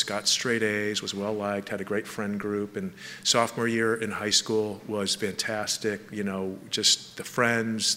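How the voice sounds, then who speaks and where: A middle-aged man from Southern California giving a personal testimony to an audience, halting, with many restarts and repeated words. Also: on the low side, pushed and bright, a little hiss or hum. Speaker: speaker sharing testimony. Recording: long hall reverb, faint ambience.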